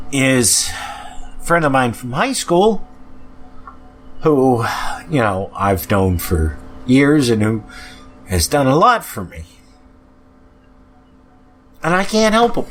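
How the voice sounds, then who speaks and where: Angry, sighing podcast host ranting. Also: male voice, fairly high pitch, a bit bright. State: depressed. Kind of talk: ranting monologue.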